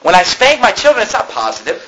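A man's voice: high-pitched, wildly swooping pitch, fast, pushed and bright. A man preaching a sermon as pastor, fervent and emphatic, hammering points home by repeating them. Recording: roomy echo.

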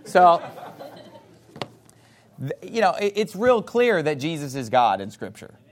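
A man preaching a sermon, reading scripture emphatically and playfully mimicking his opponents in excited voices. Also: a little high, measured pace. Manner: reads scripture aloud in a rising, emphatic voice.

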